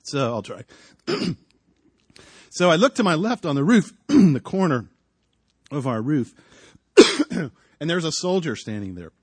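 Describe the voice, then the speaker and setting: Husky middle-aged guy preaching outside, dry sound, goes quiet then loud, keeps clearing his throat. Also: fairly high pitch, big pitch swings, slow pace, long pauses, no echo. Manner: storytelling, swings from hushed to loud. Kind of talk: sermon with personal story. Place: outdoors.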